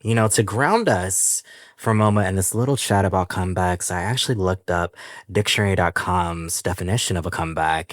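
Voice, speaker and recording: A man with a lowish voice hosts his podcast solo, chatting in a loose, playful, animated way and laughing often. The sound is dry and close, with no room around it. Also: fairly quick, dry recording. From San Francisco Bay Area. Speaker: podcast host. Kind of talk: casual solo podcast chat.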